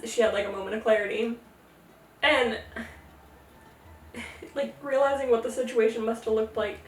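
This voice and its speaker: A woman hosting a casual, jokey retelling of a myth, slipping into quick character voices. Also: fairly high pitch, steady tone, echoey room, distant mic. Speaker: podcast host. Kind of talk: casual tipsy mythology retelling.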